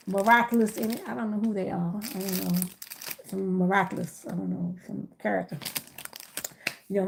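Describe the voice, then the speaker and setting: Gravelly-voiced middle-aged woman chatting live. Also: mid-range voice, darkish tone, a little hiss or hum. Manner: chatty, greets viewers by name while working with her hands. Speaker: live-stream seller of gift baskets. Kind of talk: casual live-stream chat.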